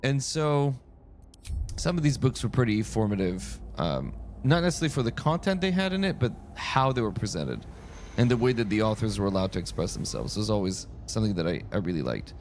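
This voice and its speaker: A man's voice: on the low side, big pitch swings, a little fast, darkish tone, a little hiss or hum. A man from France streaming a game, chatting casually in a rambling storytelling way that keeps breaking off and restarting. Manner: rambling, self-interrupting storyteller. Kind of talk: casual chat while playing.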